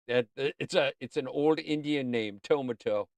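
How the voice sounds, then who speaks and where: A man's voice: medium pitch, moderate pace, few pauses, a little mellow, no echo. A man hosting a casual livestream, chatting in a rambling, playful way and often talking to himself. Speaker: livestream host.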